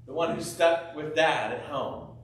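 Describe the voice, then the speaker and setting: A man preaching a sermon, telling a parable with lively acted-out voices of the characters. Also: a little high, measured pace, heavy reverb, recorded from a distance, low-quality recording. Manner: animated storytelling, acting out biblical characters' voices. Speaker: pastor.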